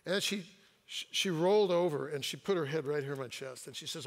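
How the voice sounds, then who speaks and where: A man's voice: fairly high pitch, brisk, long reverb tail. A retired pastor in his sixties preaching a sermon in a church, telling personal stories with quips and the odd hesitation. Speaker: guest pastor. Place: church sanctuary.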